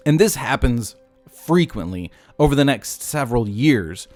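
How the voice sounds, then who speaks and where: A man's voice: medium pitch, a little slow, dry recording, faint music behind. A man hosting a podcast, retelling a Bible story in a casual, jokey way and breaking off into asides. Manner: animated, jokey, self-interrupting. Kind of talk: casual retelling with acted voices.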